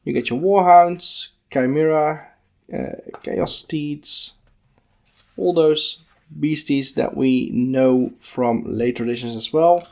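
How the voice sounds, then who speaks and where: Man, unhurried talk, gravelly tone, musing, casual walkthrough. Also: on the high side, a little mellow. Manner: unhurried, musing, thinking aloud with fillers. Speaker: podcast host. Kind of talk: casual page-by-page book walkthrough.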